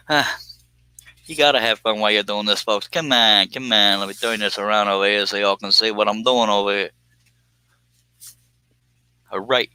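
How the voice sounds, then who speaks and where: Sharp-voiced joking man. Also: lowish voice, steady tone, moderate pace, pauses often, clean tone, dry recording. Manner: folksy, joking, self-deprecating. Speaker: woodworking live streamer. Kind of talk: casual live stream chat.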